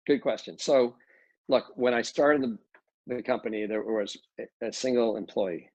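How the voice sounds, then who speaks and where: A man's voice: mid-range voice, normal speed, a little mellow, dry recording. A middle-aged man, a real estate developer, talking casually in an interview with many restarts and fillers. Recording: dull lo-fi dry audio.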